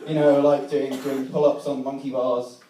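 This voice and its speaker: A man's voice: medium pitch, flat delivery, normal speed, dark tone. Young man telling a comic story in an echoey hall. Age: young adult. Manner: self-mocking, swears freely, acts out remembered dialogue. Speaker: student speaker at a debating society. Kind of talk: comic storytelling to a live audience. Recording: echoey room, mic from a distance.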